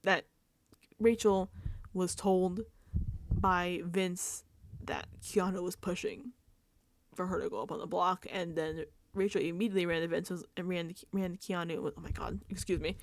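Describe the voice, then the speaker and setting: A woman's voice: fairly low pitch, steady tone, moderate pace. A woman giving casual, rambling recap commentary on a reality show, exasperated and swearing freely.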